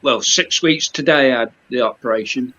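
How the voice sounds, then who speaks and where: A man's voice: mid-range voice, normal speed, pushed and bright. A man chatting casually on a video-call livestream, rambling and filling his talk with "you know". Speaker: guest on a video-chat livestream. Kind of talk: casual chat. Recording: dull lo-fi call audio.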